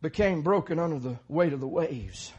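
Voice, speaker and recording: A middle-aged man preaching a sermon, moving from quiet talk to fervent shouting. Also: on the high side, normal speed, breathy edge, muffled recording.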